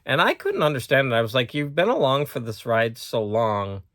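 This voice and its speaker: A man's voice: mid-range voice, big pitch swings, normal speed, a bit bright, no echo. Man, casual movie and book chat, rambly with restarts, mid-range voice, dry close sound. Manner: rambling, self-correcting, repeats words. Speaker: host.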